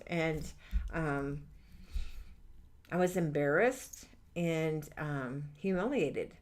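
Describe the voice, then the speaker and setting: A woman's voice: low voice, expressive, very slow, long pauses. A middle-aged woman hosting a live angel-reading stream, chatting candidly and rambling with lots of fillers. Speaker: livestream angel reader. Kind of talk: chatty livestream talk reading out viewer comments.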